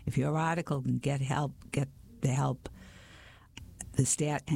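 A man's voice: medium pitch, fairly even intonation, a little slow, vocal fry, a little mellow, breathy edge. A man whispering a ruined gallery owner, whispered role-play. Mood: indignant. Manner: indignant, exasperated whisper. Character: distraught middle-aged male gallery owner.

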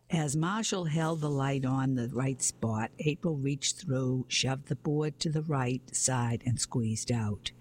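A man reading a children's mystery story aloud in a steady storytelling way, sometimes going back to reread a phrase. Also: mid-range voice, slight background noise. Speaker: narrator.

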